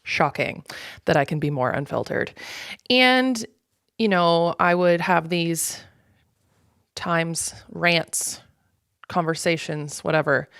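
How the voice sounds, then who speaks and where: A young Canadian woman with a fairly low voice talks straight into a dry, close mic, heard with no room sound. She hosts her own show as a solo, rambling monologue. Her talk is loose, unfiltered and full of swearing and fillers. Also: slow pace, vocal fry, long pauses, fairly bright tone, smooth, dry recording. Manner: unfiltered, profane and ranting; casual, rambling with many fillers. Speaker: podcast host.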